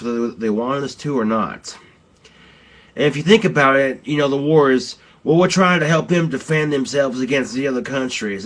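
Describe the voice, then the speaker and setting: A man ranting bluntly and profanely in a casual, rambling vlog. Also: medium pitch.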